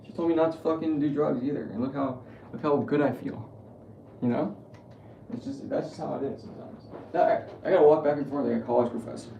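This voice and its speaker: Young man, gravelly mellow voice, rambling profane streamer chat, echoey room with faint hiss. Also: fairly high pitch, muffled recording. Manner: crude, joking, profane storytelling. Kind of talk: rambling casual monologue.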